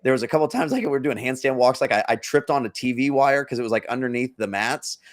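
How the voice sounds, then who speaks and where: A man's voice: mid-range voice, fast talker. A man co-hosting a podcast, telling a long story in a rambling, self-interrupting casual chat. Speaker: podcast co-host.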